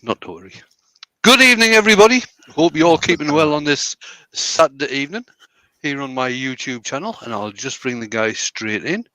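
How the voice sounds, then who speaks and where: A man's voice: on the high side, expressive, fairly quick, sharp tone, no room sound, low-quality recording. A man hosting a live stream, chatting easily and explaining each step of a woodturning job as he works. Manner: easygoing, explains steps as he works. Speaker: host.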